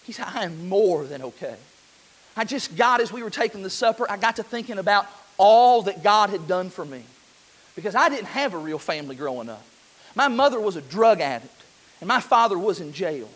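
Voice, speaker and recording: A man in his thirties preaching a sermon in a church, earnest, swelling loud and then dropping soft. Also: sits high, animated, a little fast.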